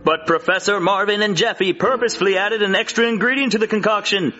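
A man's voice: high-pitched, fast talker, dull audio, music in the background. A man narrating a mock cartoon intro in a dramatic storybook manner.

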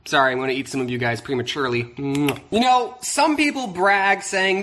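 A man's voice: high-pitched, sing-song, normal speed, bright, forceful tone. A man vlogging as a YouTuber, joking and talking in a mock-sincere way. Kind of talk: casual vlog.

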